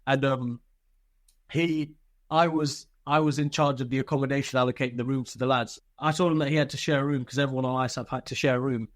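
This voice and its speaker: A man recounts his army days as an interview guest, speaking loosely with plenty of swearing and restarts. His voice sits at a middle pitch. The recording is dry and close, with no room sound. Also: fairly even intonation, fast talker, no echo. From Britain. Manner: candid and laid-back, swears freely, many fillers and restarts. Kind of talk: casual storytelling interview.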